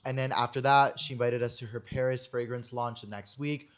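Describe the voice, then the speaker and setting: A young man hosting a podcast, telling a story in a gossipy, animated way with lots of filler words. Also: mid-range voice, a little fast. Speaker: podcast host. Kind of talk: casual chat.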